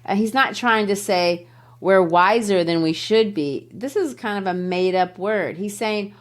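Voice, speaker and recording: A woman's voice: mid-range voice, unhurried. Emphatic teacherly woman podcast host. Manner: teacherly, emphatic, shifts pace to stress words. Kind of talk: explaining a poem in conversation.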